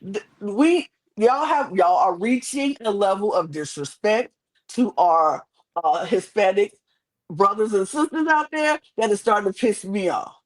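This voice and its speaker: A woman's voice: medium pitch, lively intonation, measured pace, poor audio. A woman co-hosting a podcast, ranting emphatically and indignantly in casual chat, repeating phrases for effect. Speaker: podcast co-host. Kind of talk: heated casual recap rant.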